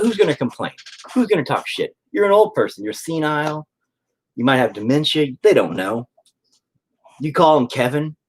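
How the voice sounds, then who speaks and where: A man's voice: mid-range voice, darkish tone, poor audio. A man chatting casually and profanely while painting on a livestream, rambling and joking. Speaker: streamer painting on camera.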